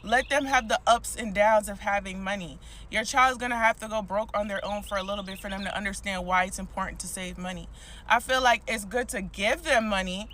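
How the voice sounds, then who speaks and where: Bright, blunt voice ranting. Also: mid-range voice, fairly even intonation, brisk, a little hiss or hum. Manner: blunt, emphatic. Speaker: vlogger. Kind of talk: opinion rant.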